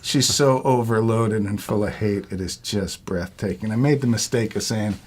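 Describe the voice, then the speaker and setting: A middle-aged man who has long worked in retail tells casual stories in a rambling, profane way, laughing as he talks. His voice is lowish, at a moderate pace with hardly any pauses, and the audio has a little hiss or hum.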